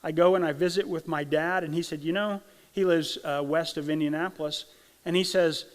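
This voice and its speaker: A man's voice: fairly high pitch, fairly even intonation, a little fast. A middle-aged man from Arkansas preaching a sermon as pastor, with a conversational, folksy manner and frequent check-ins with the congregation. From Arkansas, USA. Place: church sanctuary. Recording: long church hall reverb.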